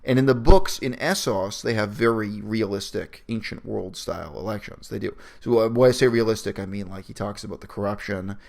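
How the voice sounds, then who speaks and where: A man with a gravelly voice, talking fast and opinionated in a casual review chat. He turns sarcastic often and is close to the mic. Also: on the low side, darkish tone. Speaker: video reviewer. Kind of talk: casual analytical discussion.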